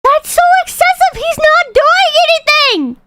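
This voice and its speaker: A woman livestreamer commenting casually on videos, with profane, excitable outbursts between calm readings of donations. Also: very high-pitched, measured pace, no echo.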